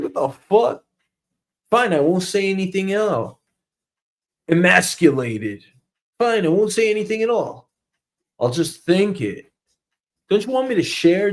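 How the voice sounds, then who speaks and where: Thirties male host, comedic rant; high voice, very animated delivery, sarcastic. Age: 30s. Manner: ranting, sarcastic, swings between loud and muttered. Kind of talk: comedic news monologue.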